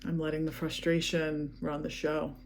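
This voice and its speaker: Woman guiding a calm tapping session. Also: low voice, moderate pace, a little hiss or hum. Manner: calm, repetitive spoken affirmations. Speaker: EFT tapping practitioner.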